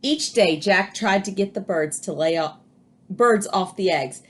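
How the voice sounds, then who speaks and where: A woman's voice: medium pitch, measured pace, a little hiss or hum. A woman, a teacher, reading a picture book aloud to children and adding chatty asides.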